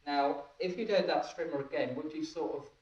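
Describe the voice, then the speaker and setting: A man's voice: a little high, fairly quick, darkish tone. A man giving a training talk, often laughing and checking that his listeners follow. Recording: echoey room, distant dull mic.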